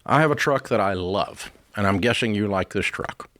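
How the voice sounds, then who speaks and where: A man's voice: on the low side, animated, normal speed, fairly bright tone, dry recording, studio quality. A man hosting a call-in advice show, talking casually in a blunt, emphatic way with folksy slang. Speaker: radio show host.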